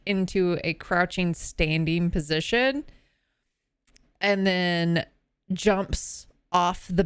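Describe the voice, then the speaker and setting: A woman's voice: mid-range voice, a bit bright, smooth, no room sound. A woman narrating as game master of a tabletop game, hesitant and full of fillers.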